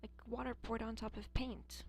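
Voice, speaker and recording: A woman's voice: fairly high pitch, flat delivery, moderate pace, darkish tone. An American woman chatting casually as a streamer, blunt and profane, rambling and musing aloud. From United States. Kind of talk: casual chat.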